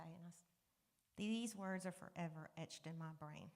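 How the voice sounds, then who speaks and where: A woman's voice: fairly low pitch, moderate pace, darkish tone. A woman giving a candid personal testimony to a church congregation, talking conversationally and dropping to near-whispers at painful moments. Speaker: guest speaker sharing a testimony. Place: church sanctuary. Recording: long reverb of a church hall.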